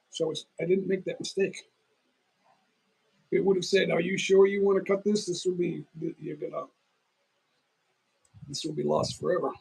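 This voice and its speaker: Tired and eating while he talks, a middle-aged livestream host rambles on his phone stream and often restarts. His fairly high voice carries vocal fry and a breathy edge, captured in a low-quality recording.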